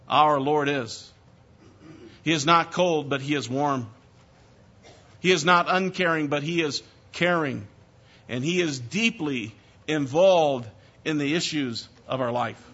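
A male pastor delivers a sermon with a high, bright voice. His preaching is measured, and he often drops soft and low. The recording sounds dull and lo-fi.

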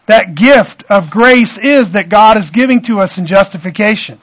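A man's voice: sits high, expressive, moderate pace, dull audio. A man preaching an expository sermon, often checking in with his listeners and restating his points. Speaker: pastor.

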